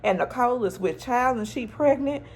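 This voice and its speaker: A woman voicing an overwhelmed, sharp-tongued middle-aged woman in a raised, pleading voice with gravel in it. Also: moderate pace. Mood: distressed pleading. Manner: high-pitched pleading, then snapping.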